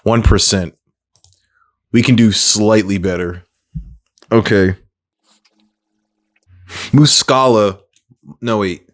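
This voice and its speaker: A man talking casually to himself while playing a sports trivia game, thinking aloud, mocking his own mistakes and breaking into excited exclamations. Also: lowish voice, takes it slowly, long pauses. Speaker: gaming creator. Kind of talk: casual gameplay commentary.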